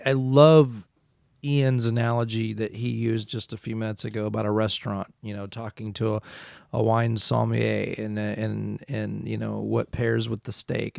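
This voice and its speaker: A man's voice: fairly low pitch, gravelly, darkish tone, no echo, clean studio sound. A man co-hosting an audio podcast, talking casually and opinionated, rambling through his points in a self-described facts-guy way. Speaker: podcast co-host. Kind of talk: casual chat.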